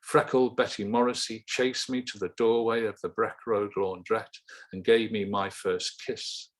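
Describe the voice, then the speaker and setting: Man reading poetry, low voice. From Liverpool, England. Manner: halting, self-correcting chat, then steady measured recital. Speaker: poet. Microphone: video call.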